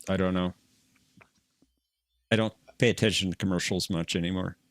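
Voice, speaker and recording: A man's voice: low-pitched, steady tone, moderate pace. A man co-hosting a live stream, laid-back and brief, reading out chat comments. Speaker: stream co-host.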